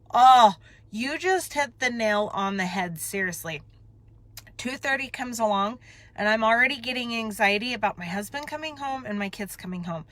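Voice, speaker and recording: A woman speaking into her phone from a parked car, confessional and raw. Her voice sits at an ordinary middle pitch. She rambles, corrects herself and trails off as her emotions rise. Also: a bit bright. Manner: emotional, rambling, self-interrupting. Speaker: vlogger. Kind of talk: candid confessional chat.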